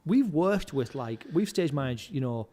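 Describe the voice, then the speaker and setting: A man's voice: medium pitch, lively intonation, moderate pace, dark tone. A man, telling backstage stories as a podcast guest in a rambling, casual way with lots of fillers. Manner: rambling storyteller, heavy use of "like". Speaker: podcast guest, live music stage manager. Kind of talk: casual anecdotal chat. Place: indoors, podcast recording. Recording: reverberant room with long echo.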